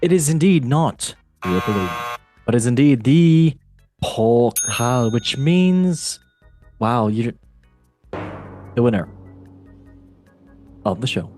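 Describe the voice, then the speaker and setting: A man's voice: medium pitch, animated, a little slow, long pauses, over music. A man hosting a casual football quiz podcast, playful and rambling with jokey asides. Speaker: quiz show host.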